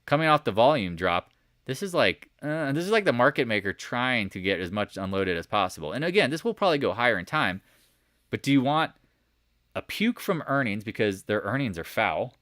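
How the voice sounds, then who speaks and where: A man hosting a live market chat, walking viewers through charts with animated asides and rhetorical questions to the chat. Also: mid-range voice, fairly quick, no echo, clean studio sound. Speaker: market commentary host. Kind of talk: live stock chart commentary.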